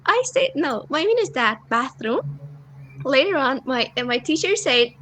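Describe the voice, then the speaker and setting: A female student tells the class a story on a video call. Her voice is bright and fairly high, and her manner is chatty and animated. There is faint noise behind her. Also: unhurried. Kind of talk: online class discussion.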